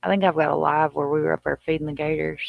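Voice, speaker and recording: A woman's voice: low voice, fairly even intonation, fast talker, creaky, no echo, phone-quality sound. A woman with a Southern US accent hosting a casual livestream, chatting in a folksy way and reading out viewer comments. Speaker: livestream host.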